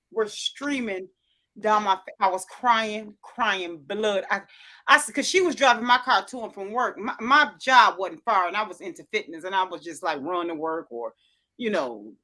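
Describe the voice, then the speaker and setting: A woman telling stories in casual livestream chat, her voice clear and bright at a middling pitch. She rambles, restarts her sentences and slips into quoted voices as she goes.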